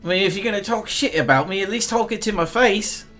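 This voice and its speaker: A man playing a hotheaded half-orc boss, pitched higher and louder than his own voice, in a tabletop game, faint music underneath. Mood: angry. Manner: loud, indignant, quick to threaten. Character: gruff touchy half-orc man, group's leader.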